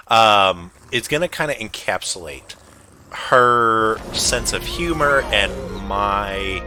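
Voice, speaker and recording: A man's voice: lowish voice, pushed and bright. A man hosting a gaming channel, telling rambling, self-deprecating stories in a casual way, with many ums and uhs. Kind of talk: casual storytelling over gameplay.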